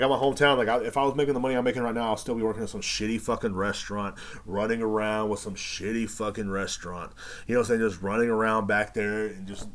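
A young man hosting a podcast, telling a casual story in a rambling, profane, animated way. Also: on the low side. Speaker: podcast host.

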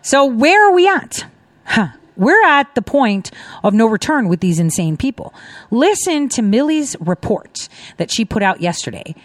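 A middle-aged woman hosting a casual commentary show, talking in an animated, emphatic way with mocking asides. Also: on the high side, measured pace, no echo. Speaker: host.

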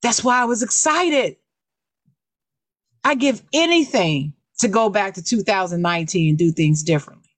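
A woman's voice: mid-range voice, animated, normal speed, no echo. A woman co-hosting a podcast, giving an emphatic, fired-up opinion rant. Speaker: co-host.

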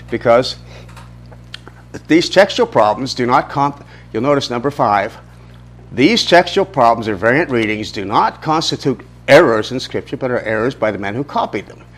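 A man's voice: mid-range voice, a bit bright, slightly rough. Middle-aged man teaching a church Bible class. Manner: conversational, asks the class questions, restarts sentences.

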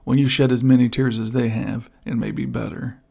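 A man's voice: medium pitch, little pitch movement, brisk, gravelly, mellow, husky. A man reading the part of a cruel, mocking frontier captor who mutters his taunts. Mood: sneering. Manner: sneering, muttered. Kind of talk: audiobook character voice.

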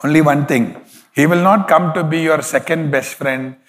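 A man's voice: a little high, normal speed, in a large hall. A man preaching a sermon as pastor, emphatic, with frequent hallelujahs.

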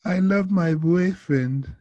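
A woman's voice: warm tone, dry recording, highs cut off. A man doing a tipsy lovesick French girl. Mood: tearful. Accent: attempted French. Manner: high, slow, pleading. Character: tipsy, sad young French woman, lovesick.

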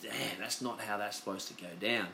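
A man's voice: lowish voice, fairly even intonation, a little fast, creaky, sharp tone, a little hiss or hum. An Australian man hosting his podcast, telling stories in a loose, rambling, profane chat. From Western Australia. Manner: loose, profane, chatty storytelling. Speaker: podcast host. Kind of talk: casual rambling monologue.

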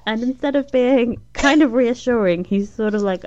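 A woman's voice: fairly high pitch, moderate pace, darkish tone. Chatty laughing woman recapping, lo-fi. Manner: chatty, laughing, acts out characters' lines. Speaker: podcast co-host. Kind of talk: casual episode recap chat. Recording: dull lo-fi sound with faint noise.

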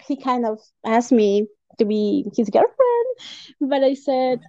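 Woman from peru chatting on a podcast, laughs a lot, mellow voice, kinda muffled dry sound. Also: on the high side, very animated, slow pace, no echo. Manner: warm storytelling, laughs often, many fillers. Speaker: podcast guest. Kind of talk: casual chat. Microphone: home podcast mic.

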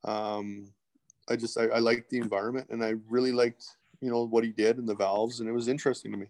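A man's voice: medium pitch, flat delivery, fast, darkish tone. A middle-aged man, a guest telling candid stories in a rambling way, full of restarts and asides. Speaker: podcast guest. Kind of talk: casual interview storytelling.

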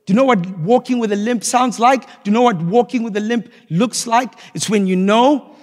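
A man preaching a sermon, swinging between loud, impassioned rises and quiet, reflective passages as he reads scripture. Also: high voice, moderate pace, in a large hall. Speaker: pastor.

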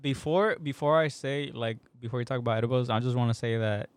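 A man's voice: medium pitch, fast, no echo. A young man in casual podcast chat, telling a story with lots of slang and swearing and acting out what people said.

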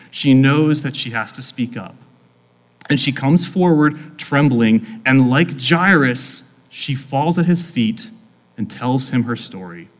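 Male pastor, mid-range voice, earnest and informal, preaching in a big echoing hall. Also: mid-range voice. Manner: earnest, informal, frequent "like" fillers. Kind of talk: conversational sermon.

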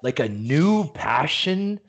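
A man's voice: fairly high pitch, big pitch swings, slow pace, vocal fry, slightly rough, dull audio. A man hosting a casual interview podcast, a former hockey player who asks long questions full of fillers.

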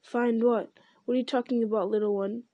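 A sly male goblin soldier, put on by a woman reading aloud, talks in a soft, hissing whisper that turns threats into silky, gloating questions. The voice sits a little high and mellow, and the recording is close and dry. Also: steady tone, fairly quick, no room sound, highs cut off, natural voice. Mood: sly, wary. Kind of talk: audiobook character voice.

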